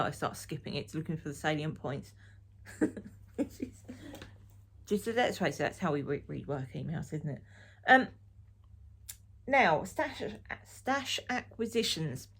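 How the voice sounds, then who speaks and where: A woman's voice: low-pitched, breathy edge. A middle-aged woman from Essex, chatting frankly and ramblingly to camera as a knitting vlogger. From Essex, England. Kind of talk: casual chat to camera.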